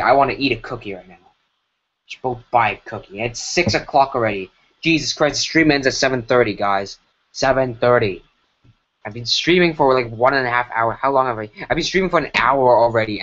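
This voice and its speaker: Here a man of medium pitch, a bit bright and fairly quick, narrates his animation work live. The commentary is casual, meandering and self-correcting, heavy on fillers, and recorded on a broken computer mic that gives a dull lo-fi quality.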